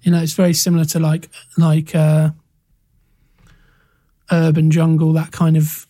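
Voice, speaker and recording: A man co-hosting a casual film podcast, reading out trivia in a relaxed way with small restarts. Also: a little high, unhurried, no echo. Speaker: podcast co-host.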